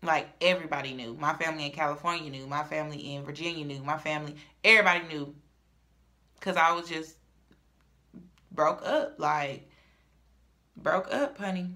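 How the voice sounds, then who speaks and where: A woman's voice: deep voice, normal speed, pauses often. A young woman, telling a personal story in a casual, dramatic vlog. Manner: chatty, dramatic, swings from loud to murmured.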